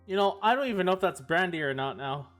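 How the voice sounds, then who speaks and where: A woman streamer voicing the lawyer in a game, expressive and swearing freely. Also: on the low side, fast, soft background music. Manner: expressive, swearing, laughs at herself. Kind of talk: live-stream game dub reading.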